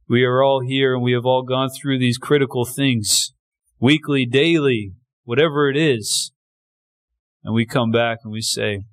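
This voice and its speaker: A man preaching a sermon in a conversational way, often restarting lines and acting out short quotes. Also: mid-range voice. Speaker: pastor.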